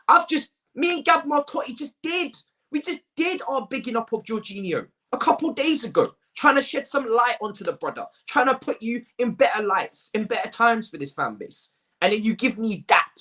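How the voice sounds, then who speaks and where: A man's voice: high-pitched, fairly bright tone. A man hosts a football fan channel and reviews a match to camera. He sounds exasperated, repeats phrases for emphasis and talks in slang, close to the mic.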